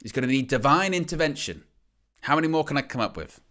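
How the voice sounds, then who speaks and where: Guy doing live wrestling play-by-play, bright voice, jokey and excitable. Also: medium pitch, fast. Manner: joking, excitable play-by-play with laughs. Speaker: watch-along host. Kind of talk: live wrestling watch-along commentary.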